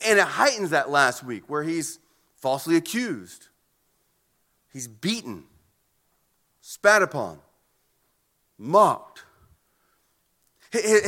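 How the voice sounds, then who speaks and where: An earnest male pastor preaching from the pulpit, his voice high-pitched and bright with a tense edge. He often stumbles and repeats words as he presses his points. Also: sing-song, slow, long pauses. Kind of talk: sermon.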